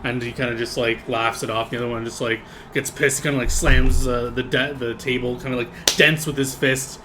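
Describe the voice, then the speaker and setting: A man running a tabletop game, describing scenes in a loose, rambling way full of "like" and "kinda". His voice sits at a middle pitch, with a faint hiss of noise in the background. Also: level tone, normal speed. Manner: casual, rambling, many fillers. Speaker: game master.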